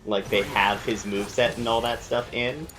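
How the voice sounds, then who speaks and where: A man's voice: fairly low pitch, steady tone, moderate pace. A man hosting a gameplay video, chatting casually and explaining the game's mechanics as he thinks aloud. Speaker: let's play host.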